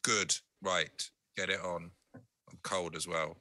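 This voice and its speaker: A man playing a tabletop game, joking and brisk in character. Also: sits low, fairly even intonation, sharp tone, dry recording. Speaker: player. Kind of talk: casual in-character tabletop play.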